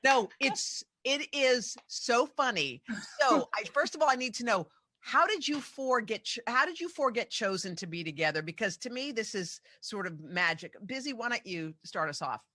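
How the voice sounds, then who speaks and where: Bright, effusive woman interviewer. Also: a little high, big pitch swings, normal speed, no room sound. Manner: effusive, enthusiastic. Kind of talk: celebrity interview chat.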